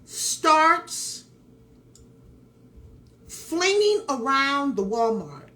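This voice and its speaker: A woman vlogger with a high, sing-song, sharp-toned voice tells a story extremely slowly in casual commentary. She is emphatic, repeats phrases, and addresses her viewers directly with asides.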